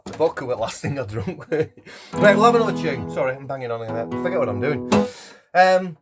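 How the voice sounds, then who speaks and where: A man's voice: mid-range voice, sing-song, brisk. A man in his fifties, a singer and busker chatting casually between songs at a home lockdown gig, rambling and self-deprecating with cheeky swearing. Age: 50s. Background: guitar.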